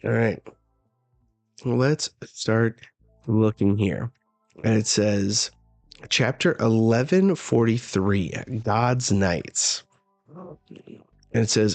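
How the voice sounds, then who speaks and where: Slow, hesitant man reacting to manga. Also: on the low side, vocal fry, no echo, soft background music. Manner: unhurried, hesitant, with many "like" and "um" fillers. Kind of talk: live manga chapter reaction.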